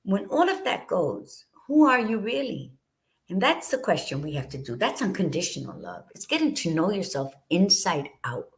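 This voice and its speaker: A middle-aged woman with a low voice talks with passionate, unfiltered conviction as she co-hosts her show. She swears freely and speaks from the heart in a casual, motivational way. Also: sing-song, moderate pace. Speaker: podcast co-host.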